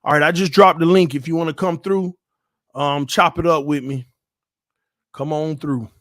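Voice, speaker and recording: A man hosting a casual live stream, talking loud and playful with lots of trash talk. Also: a little high, fairly even intonation, moderate pace, dry recording. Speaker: YouTube channel host. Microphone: desk mic, no headphones.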